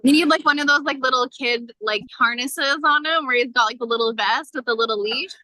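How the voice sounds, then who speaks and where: Woman, slightly high, bright and tense tone, chatty co-host type, dry close sound. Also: dry recording, poor audio. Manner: chatty, quick to chime in. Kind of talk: casual chat.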